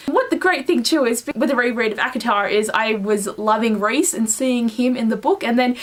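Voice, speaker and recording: A young Australian woman chatting about a book she loves, gushing and excitable, with casual swearing. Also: fairly high pitch, brisk, hardly any pauses. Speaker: book vlogger. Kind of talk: casual book review chat.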